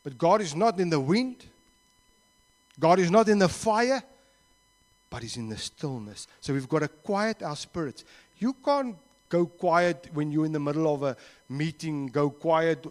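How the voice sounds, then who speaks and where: A man with a South African accent preaches in a church service, pitched a little above most men. He talks earnestly, slips into Afrikaans phrases, and closes by leading a prayer. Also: expressive, a little slow. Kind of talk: sermon and closing prayer.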